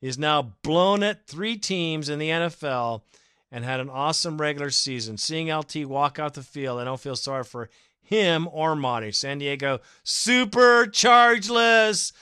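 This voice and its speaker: A man hosting a fan podcast, reading listener messages and trash-talking rivals in an animated way. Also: a little high, normal speed, clear, resonant tone, no room sound, clean studio sound. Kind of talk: casual fan podcast commentary.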